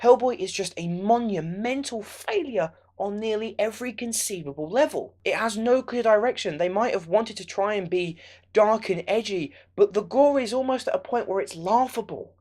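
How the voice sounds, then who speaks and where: A man's voice: sits high, moderate pace, darkish tone. A young man ranting sarcastically in a film review vlog.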